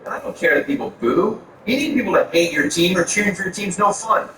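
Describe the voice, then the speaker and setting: A man from Florida with a somewhat high voice doing stand-up, ranting crudely. He is heard from a distance in a very echoey room, with steady noise behind him. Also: quick pace. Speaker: stand-up comedian. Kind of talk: stand-up set. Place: comedy club stage. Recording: echoey room from far off, audience ambience.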